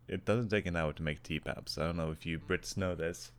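A young Swedish man co-hosting a podcast in casual chat, deadpan and often swearing. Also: low voice, brisk. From Sweden. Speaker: podcast co-host.

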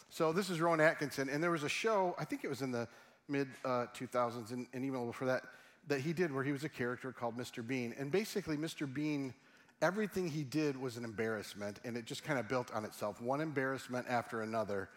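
A middle-aged pastor with a mid-range voice talks fast as he preaches a sermon. His delivery is humorous and conversational, and he often puts questions to his audience.

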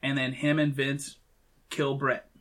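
Male co-host, mid-pitch, chatty recapper who acts out quoted lines. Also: completely flat delivery, fairly bright tone. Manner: retells scenes with quick quoted lines. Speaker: podcast co-host. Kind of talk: casual chat recapping a film.

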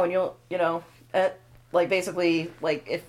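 A woman's voice: fairly low pitch, flat delivery, moderate pace, a little mellow. A woman co-hosting a comedy podcast, chiming in with blunt, crude interjections. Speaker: podcast co-host. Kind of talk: casual banter.

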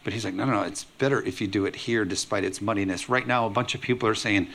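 A man pastor preaching a lively sermon, acting out quoted voices with humor. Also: lowish voice, fast talker, gravelly, few pauses, a little hiss or hum.

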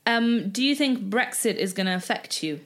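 Woman host, encouraging interviewer, middle pitch. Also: lively intonation, normal speed, a bit bright. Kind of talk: interview questions.

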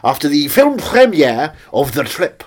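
Husky, lively man riffing. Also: fairly high pitch, a little slow. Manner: rambling, joking, tangents with mock-grand asides. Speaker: podcast co-host. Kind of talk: casual chat.

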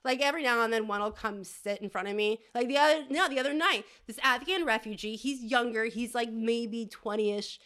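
A woman's voice: on the high side, brisk, hardly any pauses, a bit bright, clean tone. A woman podcast host doing a rambling, crude comedic monologue, often tagging "okay?".

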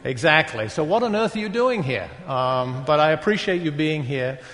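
Speaking to a retreat audience in a large hall, this sixty-something man from northeast England, his accent mellowed by decades in America, has a slightly high, fairly bright voice with lively intonation. He talks in a halting, conversational manner, using many fillers and poking fun at himself, while the hall adds long reverb.

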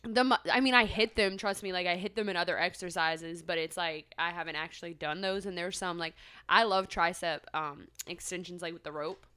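A woman's voice: lowish voice, a little fast, clean tone, no room sound. A young woman co-hosting a podcast, telling a story in casual chat with lots of filler words. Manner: animated storytelling, many "like" fillers. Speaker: podcast co-host.

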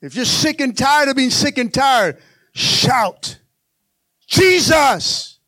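A man's voice: very high-pitched, animated, moderate pace, bright, forceful tone, dry recording. A man preaching a rousing sermon, calling on the congregation and repeating lines for emphasis. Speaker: pastor.

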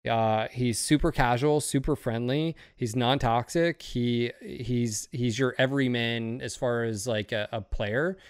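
A man's voice: medium pitch, unhurried, few pauses, smooth, dry recording, studio quality. A man talking in a casual podcast chat, rambling and profane, often getting fired up. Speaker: streamer and podcast host.

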